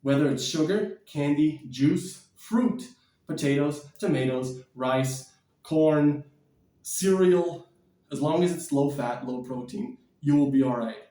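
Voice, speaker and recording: A man vlogging about diet and exercise in a blunt, energetic, preachy way, sometimes moving about as he talks. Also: a little high, measured pace, roomy sound, recorded from a distance. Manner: energetic, bouncing and shadow boxing while talking. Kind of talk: casual motivational vlog.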